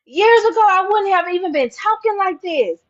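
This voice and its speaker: A mother giving an impassioned spoken testimony, preacherly and repeating lines for emphasis, swinging from hushed and low to loud and high. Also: lively intonation, normal speed. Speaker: mother speaking out on her own channel. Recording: dull lo-fi recording.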